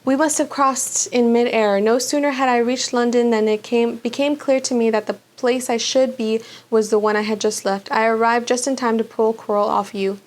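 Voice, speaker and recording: A woman voicing a calm, kindly old male headmaster wizard who speaks gently and courteously. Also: fairly high pitch, normal speed, few pauses, close to an everyday voice.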